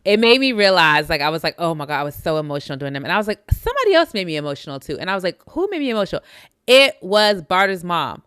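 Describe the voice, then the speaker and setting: A woman co-hosts a casual recap chat, lively and laughing often as she acts out what people said. Her voice is bright and crisp. It is recorded close and dry. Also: on the low side, fast, hardly any pauses, no echo. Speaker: podcast co-host.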